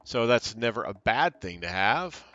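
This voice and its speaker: A man's voice: on the low side, big pitch swings, measured pace, pushed and bright, lo-fi sound. A man casually commenting on a strategy game as he plays, thinking aloud and reading out options from the screen. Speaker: gaming channel host. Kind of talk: casual let's-play commentary.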